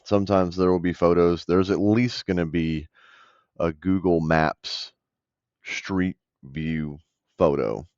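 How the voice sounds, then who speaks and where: A man's voice: low voice, fairly even intonation, slow, darkish tone, dry recording. A man from the American South, blunt and conversational, coaching viewers through a phone call he made. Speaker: real estate investor explaining a deal. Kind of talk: casual commentary over a call recording. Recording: dull dry voice-over.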